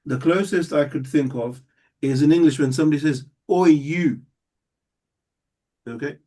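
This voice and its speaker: A man's voice: fairly high pitch, a little fast, warm tone. A man teaching a live Arabic class, explaining step by step and checking that students follow. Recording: voice somewhat distant from the mic.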